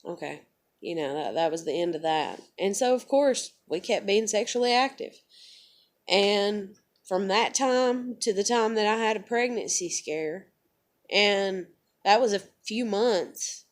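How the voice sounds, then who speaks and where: A woman's voice: medium pitch, unhurried. A young woman, telling a personal story to her vlog in a blunt, profane, emotional way. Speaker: vlogger.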